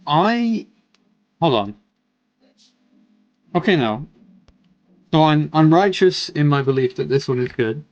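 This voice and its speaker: A man's voice: fairly high pitch, animated, slow, pauses often, muffled recording. A young man streaming casual commentary, rambling loosely with fillers and the odd swear. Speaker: streamer reviewing music. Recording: faint music in background. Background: faint music.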